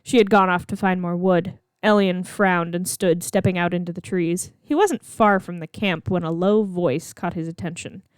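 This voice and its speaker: A woman's voice: on the low side, steady tone, moderate pace, few pauses, smooth, no room sound. Woman reading her story aloud, dry sound. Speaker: narrator reading her own fan fiction. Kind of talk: storybook read-aloud narration.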